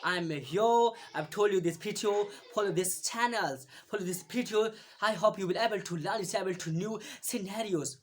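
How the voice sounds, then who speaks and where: A woman teaching English pronunciation in a casual video lesson, halting, repeating each word many times, with frequent fillers. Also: mid-range voice, slight background noise.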